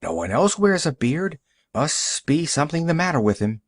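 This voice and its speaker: A man reading an audiobook, voicing a sharp-faced, suspicious older woman who pries and whispers about a stranger. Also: on the high side, big pitch swings, moderate pace, no room sound, studio quality, pitched above the performer's own voice. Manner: nosy, whispering, prying.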